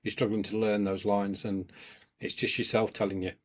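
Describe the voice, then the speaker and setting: A man hosting an interview, asking relaxed questions and prompting with tag questions. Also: lowish voice, moderate pace. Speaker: interviewer, host.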